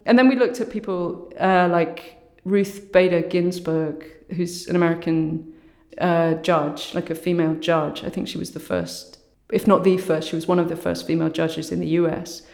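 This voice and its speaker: Low-voiced woman with a roomy echo. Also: fairly even intonation, normal speed, vocal fry, a little mellow. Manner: thoughtful, fills speech with "you know" and "sort of". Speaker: artist interviewed as a guest. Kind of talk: reflective conversational interview.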